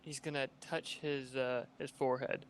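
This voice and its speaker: A man with a very flat, even delivery describes his moves at a tabletop game in a slow, measured way. A faint noise floor runs under him. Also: medium pitch. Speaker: player. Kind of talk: casual tabletop play.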